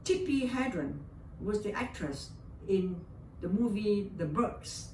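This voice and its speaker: A woman's voice: mid-range voice, lively intonation, slow, warm tone. An older woman from Vietnam with a Vietnamese accent, speaking English as a second language as an interview guest, telling a personal story with feeling and often repeating her words. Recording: roomy and distant with faint background hiss.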